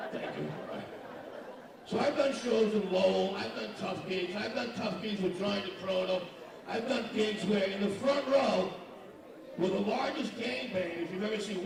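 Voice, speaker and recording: A man doing profane stand-up comedy, teasing the audience at a breakfast event. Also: sits high. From Massachusetts. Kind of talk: stand-up with crowd work. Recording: echoey hall, distant mic, crowd noise.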